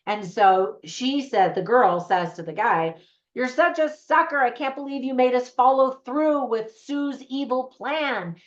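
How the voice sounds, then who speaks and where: A woman's voice: mid-range voice, muffled recording. A woman reviewing a film for viewers in a chatty, upbeat way, speaking straight to her audience. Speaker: movie reviewer. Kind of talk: casual video review.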